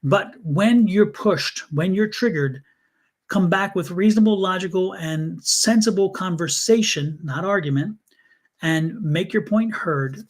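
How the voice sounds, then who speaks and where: A man's voice: sits high, a little slow. A man giving live tarot readings on a stream, speaking earnestly and repeating himself as he calls on viewers by name. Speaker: tarot reader.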